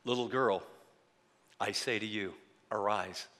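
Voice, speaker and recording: A man preaching, quoting Jesus as a calm, authoritative teacher in a solemn, measured voice. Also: lowish voice, big-room sound, voice pushed down. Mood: commanding.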